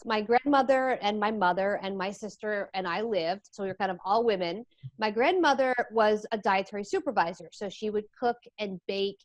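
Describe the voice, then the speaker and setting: A woman guest in an interview, telling her story in a lively, animated way. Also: mid-range voice, no echo. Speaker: interview guest, addiction coach.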